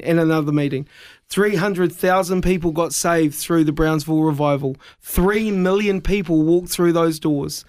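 Kiwi guy telling a story on radio, high voice, dramatic and self-mocking. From New Zealand. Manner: lively, self-deprecating, dramatic. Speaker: evangelist guest.

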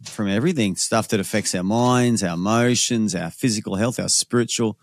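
A man's voice: fairly low pitch, a little fast, no echo, studio quality. A man, co-hosting a casual chat, reflective and asking leading questions. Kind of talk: casual conversation.

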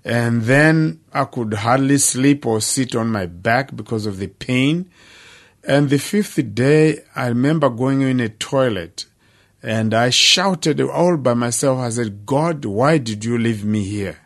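An older man tells his life story at a middling pitch. He speaks earnestly and plainly, pausing for weight between phrases. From Zimbabwe. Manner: earnest, plain-spoken storytelling with dramatic pauses. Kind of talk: personal testimony.

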